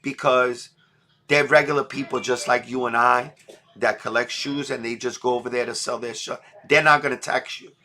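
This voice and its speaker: A man's voice: medium pitch, fairly even intonation, moderate pace, bright, forceful tone. A middle-aged man talking emotionally on a livestream, blunt and full of street slang. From New York. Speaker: livestream host. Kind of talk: emotional casual livestream talk.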